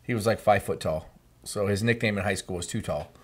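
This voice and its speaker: A man's voice: lowish voice, a little fast. A man co-hosting a podcast, telling a long rambling story in casual, blunt chat. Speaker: podcast co-host.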